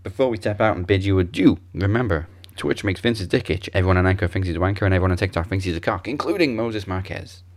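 A man's voice: low-pitched, quick pace, hardly any pauses. A man hosting a podcast, steadily reading out announcements and sign-offs. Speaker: podcast host.

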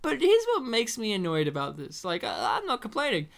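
Animated woman chatting about a movie. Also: medium pitch, brisk, vocal fry. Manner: blunt, joking, does mock quotes. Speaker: podcast co-host. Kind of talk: casual movie review chat.

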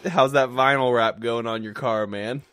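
A man's voice: mid-range voice, fairly even intonation, normal speed, a bit bright, clean tone, dry recording, clean studio sound. A man hosting a casual comedy podcast, joking and laughing often with his co-host.

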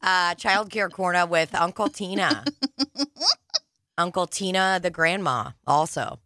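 Crude, joking young woman with a bright voice. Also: fairly low pitch, slow pace, no room sound, studio quality. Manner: crude, joking, rambling with lots of fillers. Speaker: podcast co-host. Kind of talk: casual chat.

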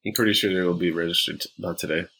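A man in casual chat, quick to react and jump in. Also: deep voice, fairly even intonation, noisy background.

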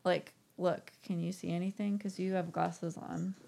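A woman's voice: on the low side, normal speed, vocal fry. A woman co-hosting a podcast, chatting casually and telling stories with lots of fillers. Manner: chatty, animated storytelling with many fillers. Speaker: podcast co-host. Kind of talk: casual chat.

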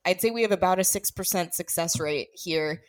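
A woman's voice: on the low side, normal speed. A woman co-hosting a movie podcast, chatting casually and animatedly, often slipping into movie quotes. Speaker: podcast co-host. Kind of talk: casual chat.

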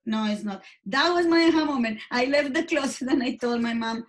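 A fairly high-voiced woman speaking English as a second language. She talks earnestly and candidly as an interview guest, halting and restarting her sentences as she goes. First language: not English.

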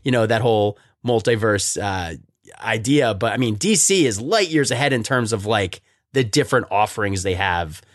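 A man's voice: on the low side, no room sound, studio quality. A man hosting a podcast, chatting casually and animatedly, laughing often and sometimes reading from notes. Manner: animated, quick to laugh, then reads notes. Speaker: podcast host. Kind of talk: casual chat. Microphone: close studio mic.

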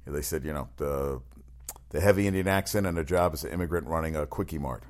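A man with a very low, deep voice hosts a loose talk segment. He rambles in a blunt, opinionated way, often restarting his sentences and swearing freely. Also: fast, darkish tone. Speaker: show host. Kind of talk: casual chat.

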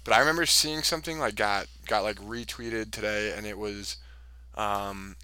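Lower-pitched young man, bright and exclamatory. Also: moderate pace, clear, resonant tone, dry recording. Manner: laughing, exclamatory reactions. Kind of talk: casual chat.

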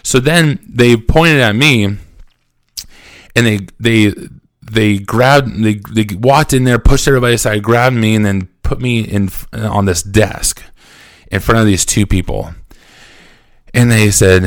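Smooth low-voiced man telling a story. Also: measured pace, no echo, studio quality. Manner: animated storytelling, acting out quotes; frequent fillers and restarts. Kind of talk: personal anecdote.

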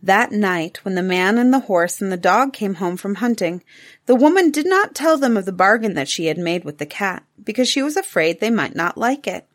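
A woman narrating a classic fable aloud in a measured, rhythmic storytelling manner. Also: mid-range voice, expressive.

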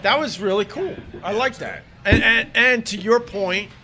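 A man's voice: sits high, normal speed. A man hosting a casual podcast chat from a bar, rambling and restarting his sentences. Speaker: podcast host. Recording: busy bar crowd noise behind.

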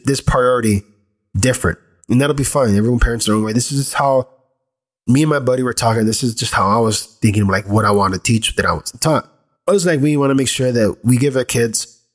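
A man's voice: medium pitch, a little fast. A man in his thirties, a father, talking earnestly and candidly about raising his kids in a loose, rambling way. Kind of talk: reflective personal talk.

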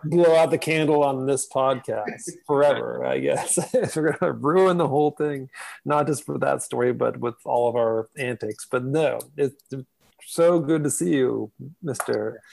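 A man's voice: medium pitch, measured pace, vocal fry, darkish tone, dry recording. A man hosting a podcast, casual and joking, laughing often. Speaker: podcast host. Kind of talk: casual chat.

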